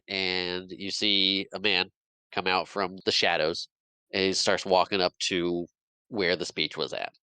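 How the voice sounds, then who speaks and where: A man's voice: low-pitched, bright, forceful tone, dry recording, rough recording. A man on a podcast casually retelling a movie plot, jumping into quoted lines and laughing often. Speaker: podcast co-host recapping a movie. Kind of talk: casual chat.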